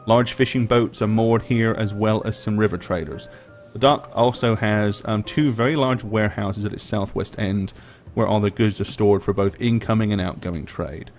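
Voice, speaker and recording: A man narrating as game master, relaxed and chatty, with many fillers. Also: fairly low pitch, normal speed, soft background music.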